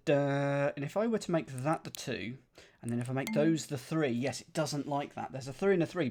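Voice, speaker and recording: A man streams a puzzle game and reasons out each level aloud. He counts squares under his breath and talks casually to his viewers. His voice sits in an ordinary middle pitch. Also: darkish tone. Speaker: gaming streamer.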